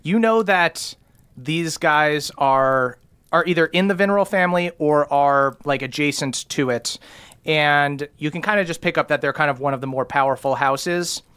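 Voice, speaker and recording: A man's voice: fairly high pitch, moderate pace, fairly bright tone, clear, resonant tone. A man narrating a tabletop game as game master, loose and full of fillers.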